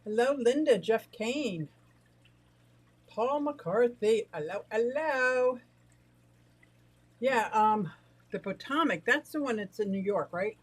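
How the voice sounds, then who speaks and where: A middle-aged woman from the United States, out of breath and excitable, chatting casually on a livestream about her fish and greeting viewers. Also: mid-range voice, normal speed, breathy edge, rough recording. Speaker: aquarium and exotic pet livestreamer.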